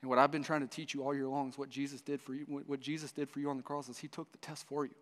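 A man's voice: medium pitch, flat delivery, very fast, fairly bright tone. A man preaching a sermon to a church, telling a story with frequent restarts. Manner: storytelling with many restarts, voices the dialogue. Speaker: pastor. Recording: long hall reverb.

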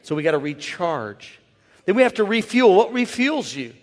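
A man who is a pastor, preaching a lively sermon and calling out to the congregation to join in. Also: sits high, normal speed. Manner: energetic, playful call-and-response with the crowd. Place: large church. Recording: long church hall reverb.

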